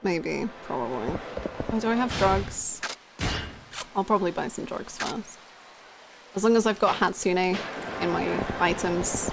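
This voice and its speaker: A woman's voice: medium pitch, steady tone, unhurried, vocal fry, long pauses, background noise. A young woman giving playful, theatrical commentary while live-streaming a video game. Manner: playful and theatrical, swinging into mock drama. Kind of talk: casual live gameplay commentary. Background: game music.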